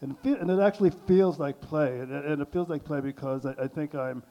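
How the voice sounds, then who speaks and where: An older man speaking on a panel, halting and full of restarts and fillers as he works through his thoughts. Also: on the high side, muffled recording. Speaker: artist on a panel. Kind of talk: hesitant panel talk.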